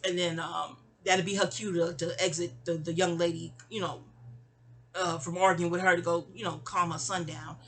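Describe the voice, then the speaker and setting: Bright-voiced rambling New woman. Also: on the low side, normal speed. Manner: rambling, stammering restarts, animated quoted asides. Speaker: storyteller. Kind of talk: casual audio-diary storytelling.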